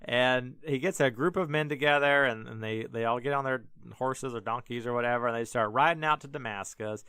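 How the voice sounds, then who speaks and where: A man hosting a casual podcast retells a Bible story in a loose, filler-heavy way, tossing in jokes as he goes. His voice is smooth and clear. It is recorded close in a dry space. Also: medium pitch, fairly quick, hardly any pauses, sharp tone, dry recording. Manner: rambling, filler-heavy, joking asides. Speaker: podcast host.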